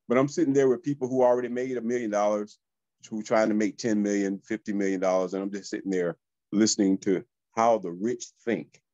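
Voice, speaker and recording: A man, a real estate coach telling motivational stories to listeners in a lively, high-energy way. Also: no room sound, lo-fi sound. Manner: high-energy, animated, addresses listeners as y'all. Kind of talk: motivational storytelling.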